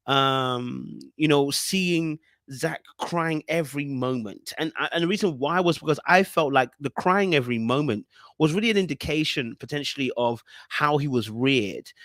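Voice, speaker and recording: A young man hosts a podcast reviewing a reality show, delivering an emphatic, casual monologue and frequently checking in with his listeners. His mid-range voice is a bit bright, recorded in clean studio sound with no echo.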